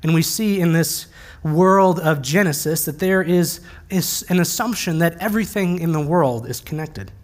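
A man's voice: on the high side, moderate pace. A male pastor giving a sermon in a conversational, plain-spoken way with touches of light humor.

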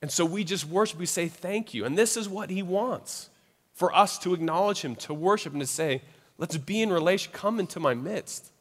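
A young man, a pastor, telling a lively family story in a sermon and closing in prayer. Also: high voice, normal speed, in a large hall. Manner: animated storytelling, then soft prayer.

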